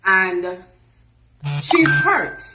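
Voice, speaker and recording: A woman speaking calmly and earnestly in an interview clip. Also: mid-range voice, reverberant, heavy background noise. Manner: calm, measured, earnest.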